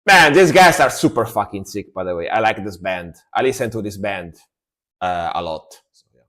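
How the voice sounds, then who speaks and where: Male reaction streamer, casual live talk, animated and lively delivery, quick to jokes. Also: lowish voice. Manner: excited, swears, slips into joke impressions.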